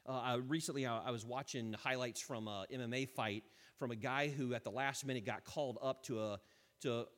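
A man preaching a sermon as pastor, impassioned and emphatic, dropping suddenly to quiet lines. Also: medium pitch, big-room sound.

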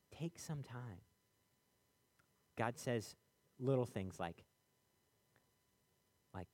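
A man's voice: mid-range voice, slow pace, long pauses, darkish tone, no room sound. A man delivering a sermon in a loose, chatty way, with plenty of ums and uhs. He tells stories and acts out the people in them. His voice sits in a middle register and is recorded dry and close. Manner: conversational, many fillers, acts out quoted voices. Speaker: preacher.

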